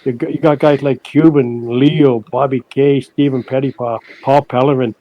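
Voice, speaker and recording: An older man, a guest on an interview podcast, telling stories in a halting way that repeats words, and he puts on higher voices for the people he quotes. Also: fairly even intonation, no room sound, dull audio. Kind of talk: casual storytelling interview.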